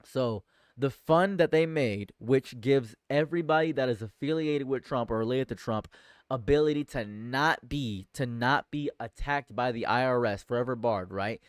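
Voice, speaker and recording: A man's voice: medium pitch, normal speed, clean tone, no room sound, studio quality. A man streaming live political commentary, reading news aloud and reacting with exasperation, often repeating himself and stammering. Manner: exasperated, swings from shouting outrage to muttering; repeats phrases, stammers and restarts.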